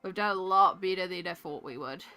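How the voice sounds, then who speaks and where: A woman's voice: lowish voice, fairly quick, gravelly, pushed and bright, smooth, soft background music. A woman with a congested voice, chatting casually with her livestream viewers while she colours, giggling often and reading out chat names. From Australia.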